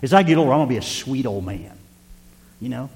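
An older man preaching a folksy sermon as pastor, rising to loud emphasis and dropping to quiet asides. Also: mid-range voice, animated, fast talker, long reverb tail. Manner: folksy, varies loudness for emphasis, occasional chuckles.

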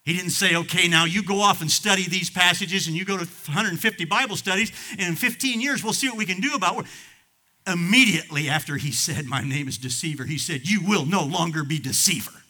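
A man in his sixties preaching a sermon as a pastor, impassioned, swinging from loud outbursts to hushed asides. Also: high-pitched, fairly quick. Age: 60s.

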